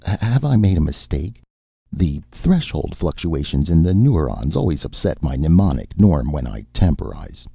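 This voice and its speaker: A man voicing a fussy, apologetic male robot that talks quickly and eagerly in an audiobook reading. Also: sing-song, creaky, husky, no echo, heavily acted. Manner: quick, eager, rising pitch. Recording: muffled lo-fi recording.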